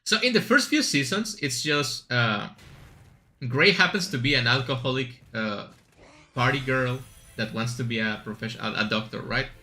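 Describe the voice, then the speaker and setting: A man's voice: mid-range voice, lively intonation, moderate pace, sharp tone. A man streaming a game, chatting casually and rambling with asides and fillers as he plays. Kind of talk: casual chat while gaming.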